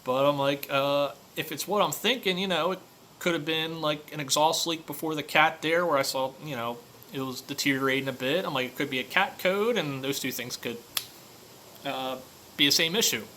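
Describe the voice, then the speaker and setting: A man's voice: a little high, moderate pace, pushed and bright, a little hiss or hum. A man who runs a car repair shop, telling customer stories in a loose, filler-heavy rant. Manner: conversational storytelling, many fillers. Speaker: auto repair shop owner. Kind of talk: casual monologue rant.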